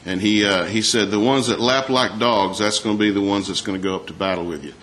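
A man's voice: fairly low pitch, fairly quick, a bit bright, slight background noise. A man preaching a sermon in a folksy way, reading scripture and asking his listeners questions. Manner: folksy, asks the congregation questions, reads scripture aloud.

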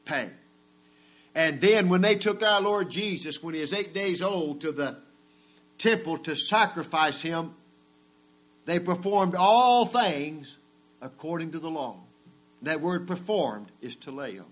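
A man, preaching a sermon and swinging from soft murmurs to loud, drawn-out cries. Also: a little high, animated. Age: 40s.

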